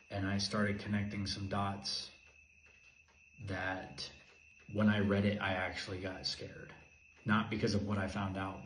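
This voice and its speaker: A man telling a personal story in an intense, repetitive way, moving from urgent emphasis to a hushed voice. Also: lowish voice. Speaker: video host. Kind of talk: emotional personal monologue. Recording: echoey room with faint ambient noise.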